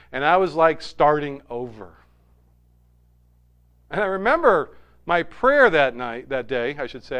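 A man's voice: medium pitch, a bit bright, clean tone. A middle-aged man, a pastor, preaching a sermon in a storytelling way with emphatic repetition.

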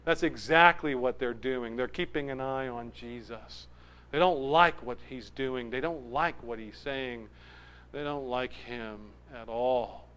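A man preaching a verse-by-verse sermon, animated, swinging from loud emphasis to low asides. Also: a little slow, smooth, poor audio. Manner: acts out crowd voices.

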